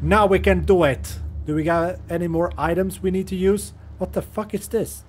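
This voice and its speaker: A young man, not a native English speaker, hosts a gaming channel and gives casual let's-play commentary on a horror game, joking, swearing and talking to the characters on screen. His voice is high-pitched with fairly even intonation at a normal speed, over soft background music.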